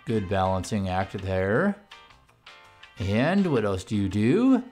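A young man giving casual gameplay commentary, full of slang, who often bursts into loud screams and laughter. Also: lowish voice, slow pace, faint music behind. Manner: hyped, yells and screams when excited, slangy. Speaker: gaming YouTuber.

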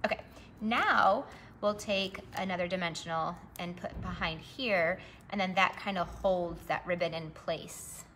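Middle-aged woman craft demonstrator, bright and gushing, faint room hiss underneath. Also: mid-range voice, vocal fry. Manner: chatty, bubbly, gushing. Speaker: papercraft demonstrator. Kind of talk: live-streamed craft demo.

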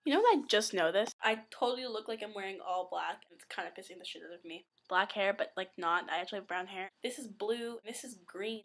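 A woman's voice: medium pitch, fairly quick, few pauses. A teenage girl vlogging at home into a laptop webcam, rambling in a giddy, random way. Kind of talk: casual vlog chat.

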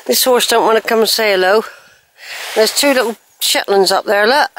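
A woman's voice: on the high side, moderate pace, a bit bright, a little hiss or hum. A woman walking in the countryside, chatting breathlessly to her camera. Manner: chatty, coos at animals. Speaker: walking vlogger. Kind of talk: casual walking narration. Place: outdoors on a countryside walk. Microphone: handheld phone camera.

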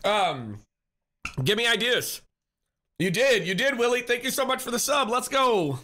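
A man's voice: very high voice, lively intonation, a little slow, pushed and bright, a little hiss or hum. A man live-streaming, chatting casually with viewers, reading chat, greeting people and laughing often in a teasing way.

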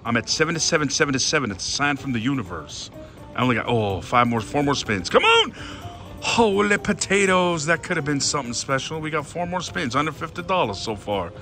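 Young adult male vlogger, bright tone, very lively pitch, excitable running commentary. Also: fast talker, soft background music. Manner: excitable, talks to viewers, swings between hushed and shouting. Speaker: slot machine vlogger.

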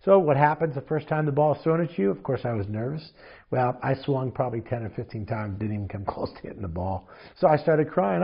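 A man in his fifties from Marin County, California, telling stories as an interview guest in a lively, animated way. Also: medium pitch, a little fast, gravelly, breathy edge, muffled recording. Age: 50s. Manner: animated storyteller acting out quotes. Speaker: guest, mental toughness trainer. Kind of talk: casual interview storytelling.

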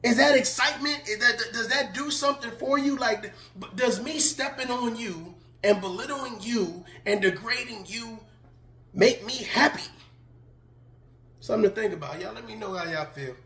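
Man with an extremely high voice, casual vlog commentator, emphatic rhetorical questioning with laughs, recorded in an echoey room. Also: normal speed, sharp tone. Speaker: online commentator. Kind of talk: casual video monologue. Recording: roomy echo.

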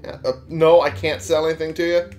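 A man's voice: a little high, little pitch movement, brisk, a little mellow, faint music behind. A man giving casual let's play commentary, sarcastic and swearing as he talks back to game characters. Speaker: gamer playing on a channel.

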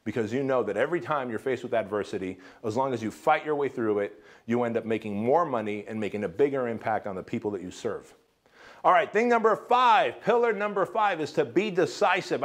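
A man coaching entrepreneurs in a punchy, emphatic motivational seminar talk, often checking in with a rhetorical "right?". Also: medium pitch. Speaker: business coach.

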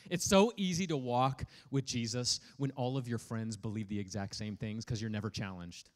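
A pastor preaching a sermon in an energetic, playful way, prodding the congregation to respond. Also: male voice, mid-range voice, normal speed. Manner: energetic, playful, prods the audience for feedback.

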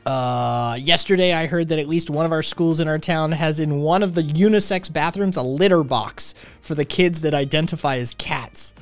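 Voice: mid-range voice, moderate pace, few pauses, faint music behind. A livestream host reading news headlines aloud in a casual, profane, unscripted way.

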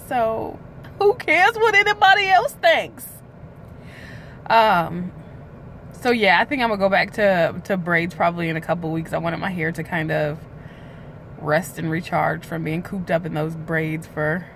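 A woman's voice: fairly low pitch, vocal fry, fairly bright tone, a little hiss or hum. A woman chatting candidly in a casual vlog, talking to the camera from a parked car. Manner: chatty and candid, drawn-out filler sounds. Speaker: weight-loss vlogger. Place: parked car outside a hospital.

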